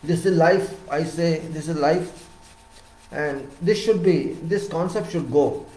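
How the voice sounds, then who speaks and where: A man with an Indian English accent giving a lecture-style talk on civil engineering, emphatic and repeating words, his voice rising loud and dropping soft. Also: on the high side, slow, roomy sound, rough recording.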